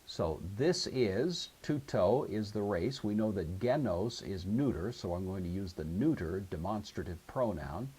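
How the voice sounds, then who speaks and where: Husky low-voiced man teaching grammar. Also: expressive, measured pace, few pauses, mellow. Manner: methodical, explains each form step by step. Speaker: Greek teacher. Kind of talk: lecture walking through grammar exercises.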